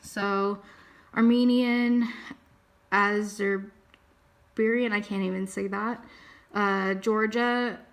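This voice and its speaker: A woman's voice: mid-range voice, steady tone, slow, pauses often. A young woman vlogger talking casually at her computer, thinking aloud as she reads through results. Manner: chatty, thinking aloud while reading results. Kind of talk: casual vlog talk.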